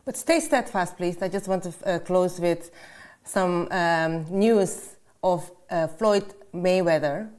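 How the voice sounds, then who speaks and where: A woman's voice: on the low side, slow, a little mellow. A woman co-hosting a political talk show, chatting and reading out viewer comments. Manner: conversational, reads out comments. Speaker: co-host.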